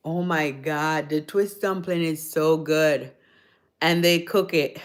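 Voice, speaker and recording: A woman chats on her livestream, rambling through stories and answering viewers at an unhurried, drawn-out pace. Her voice sits a little low, and she sounds eager whenever she gets onto food. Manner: chatty, rambling storyteller; enthusiastic about food. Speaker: livestream host. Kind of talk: casual chat answering viewers.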